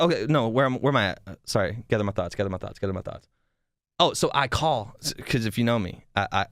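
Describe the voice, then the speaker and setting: A young man hosting a podcast, telling a story in a rambling, animated way with frequent swearing and restarts. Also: medium pitch, no room sound, studio quality. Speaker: podcast host. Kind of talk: casual storytelling.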